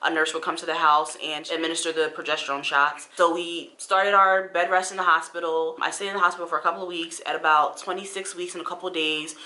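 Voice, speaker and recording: A woman's voice: fairly low pitch, little pitch movement, fast talker, few pauses, pushed and bright. A woman in her thirties telling a personal story in a casual vlog, earnest and encouraging, with a faith-filled tone. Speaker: vlogger.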